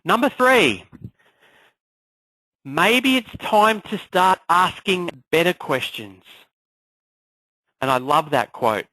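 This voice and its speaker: Man, motivational coach, energetic, rhetorical questions, higher voice, dry sound. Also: slow, long pauses, no room sound, rough recording. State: clearing a frog in his throat. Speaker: online class coach. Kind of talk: motivational live class talk.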